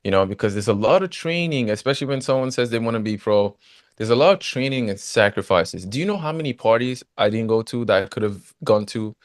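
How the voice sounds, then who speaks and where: A man, a former footballer, telling his story as a guest in a casual interview, animated and often saying "you know". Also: fairly low pitch, quick pace, no room sound, studio quality.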